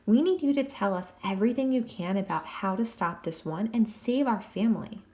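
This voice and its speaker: A woman's voice: medium pitch, moderate pace, warm tone, close to an everyday voice. A woman voicing a bold young girl, speaking earnestly and directly.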